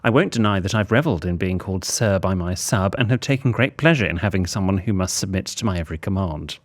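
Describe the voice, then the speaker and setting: Male comic podcast co-host, lowish voice, animated and theatrical when reading letters. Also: fast talker.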